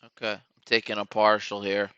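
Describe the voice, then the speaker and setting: A man's voice: on the low side, monotone, fairly quick, a bit bright, clear, resonant tone, dry recording, muffled recording. Man chatting on a trading stream. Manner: rambling, talks to chat while watching charts. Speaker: trading live-stream host. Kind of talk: casual live-stream chat.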